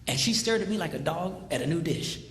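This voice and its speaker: A man's voice: fairly high pitch, fairly quick, big-room sound, heavy background noise. A male pastor giving a humorous marriage talk, telling stories playfully and acting out the voices. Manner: storytelling, animated, playful, acts out voices. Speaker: pastor, marriage seminar speaker.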